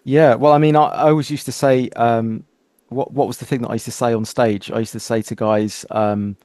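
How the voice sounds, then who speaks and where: A man hosting a casual interview, animated as he tells stories and acts out quoted exchanges. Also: medium pitch, fairly quick, no room sound. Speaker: podcast host.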